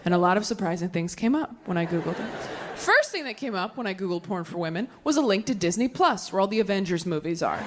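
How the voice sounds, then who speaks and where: A woman in her thirties performing a stand-up comedy set, chatting with the crowd in quick conversational asides. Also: medium pitch, expressive, background noise. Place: large venue with a live audience. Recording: live show with audience laughter. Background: audience laughter.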